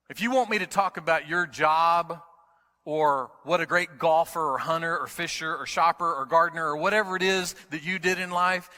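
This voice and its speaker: A man's voice: a little high, moderate pace. Emphatic preacher man in a hall. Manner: emphatic, repeats key words, swings from quiet storytelling to loud preaching. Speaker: pastor. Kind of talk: sermon. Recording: long hall reverb.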